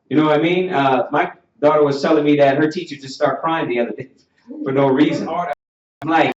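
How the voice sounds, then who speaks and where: A man's voice: a little high, fairly even intonation. Emphatic preaching man in an echoey room. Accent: Southern US. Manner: preachy and emphatic, rising to near shouting, drawn-out repeated questions. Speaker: teacher. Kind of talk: sermon-style class teaching. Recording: muffled, roomy, from far off the mic.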